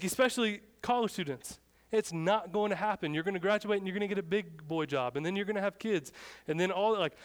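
A young adult man preaching a sermon in a casual storytelling way, acting out the lines of people in his story. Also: sits high. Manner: casual, storytelling, acts out shouted dialogue. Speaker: pastor.

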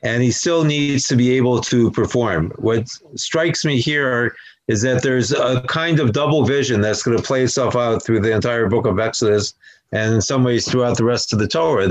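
A man's voice: mid-range voice, normal speed, rough recording. Reflective, wry man discussing scripture. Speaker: Torah study discussant.

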